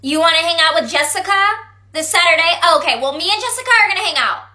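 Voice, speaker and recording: A woman's voice: very high-pitched, lively intonation, fast, bright, forceful tone, heavily acted. A woman playing a dramatic teenage girl in a comedy skit, talking in a sassy, dramatic way. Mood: gushing. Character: dramatic teen girl hyping and scolding best friend.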